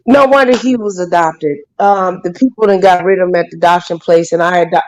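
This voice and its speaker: A woman's voice: fairly low pitch, brisk, poor audio. A woman hosting a casual live chat, exclaiming and calling out to her dog. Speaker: host.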